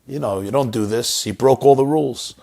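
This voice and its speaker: A man's voice: mid-range voice, brisk, gravelly, mellow. A man telling a story as a sermon, dramatic and repetitive in his phrasing. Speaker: inspirational speaker.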